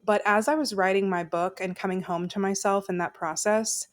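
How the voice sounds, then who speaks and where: Talking fairly quickly with few pauses, a woman with a lowish voice shares a personal story as a podcast guest. She is candid and chatty, peppering her speech with "like" and laughs.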